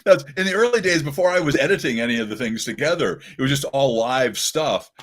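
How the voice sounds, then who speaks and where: A man's voice: mid-range voice, expressive, fairly quick, fairly bright tone. An easygoing man chatting on a live stream, laughing as he talks. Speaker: video editor and co-host.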